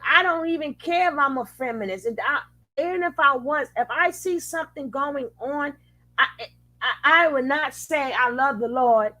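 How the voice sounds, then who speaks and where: A woman's voice: high-pitched, sharp tone, low-quality recording. A woman hosting a reaction commentary, speaking angrily with cursing and restarted phrases. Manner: angry, profane, restarts phrases. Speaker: reaction channel host.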